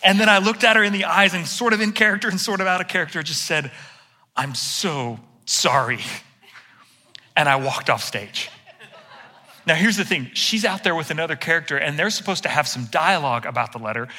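A pastor with a very bright, tense edge to his voice tells a story on himself with plenty of humor. He is a middle-aged man, fairly high for a man, and he preaches in a lively, storytelling way. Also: a little fast. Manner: animated storyteller, self-deprecating humor. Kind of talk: sermon with personal story.

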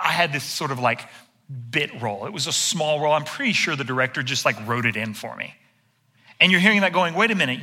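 A middle-aged male pastor telling a self-deprecating personal story in an animated sermon. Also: fairly high pitch.

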